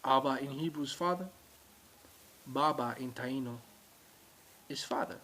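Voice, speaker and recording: A man's voice: mid-range voice, measured pace, fairly bright tone, a little hiss or hum. A man giving an informal religious lecture, repeating points and speaking straight to his viewers. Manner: emphatic, repetitive, addresses viewers directly. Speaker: religious teacher.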